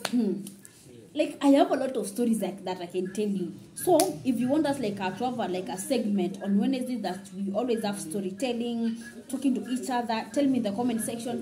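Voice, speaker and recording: A woman vlogger from Kenya telling a story in a casual, very fast, run-on way. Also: fairly high pitch, mellow, low-quality recording.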